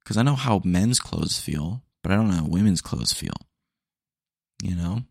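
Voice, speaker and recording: Deep-voiced man rambling casually. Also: expressive, normal speed, gravelly, a little mellow, husky, no echo, clean studio sound. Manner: rambling and candid, drops in "dude" and jokes. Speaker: podcast host. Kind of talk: casual solo podcast chat.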